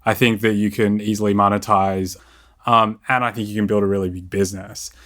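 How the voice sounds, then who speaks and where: Low voiced investor guy asking curious questions, thinking out loud. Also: flat delivery. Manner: probing, curious questions, measured.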